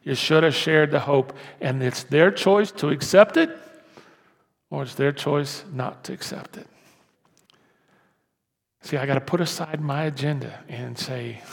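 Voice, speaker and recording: A male pastor preaching in a church sanctuary, his voice gravelly and a touch higher than most men's. He shifts from quiet, hushed asides to loud, emphatic pushes. The sound carries a long reverb from the hall. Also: a little slow, pauses often. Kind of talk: sermon.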